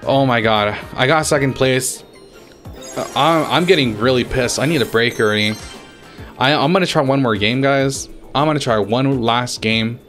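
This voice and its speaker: A man's voice: medium pitch, normal speed, a bit bright, soft background music. Frustrated young man swearing at a game. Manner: frustrated, swearing, trash-talking opponents. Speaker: gaming YouTuber. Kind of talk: casual gameplay commentary.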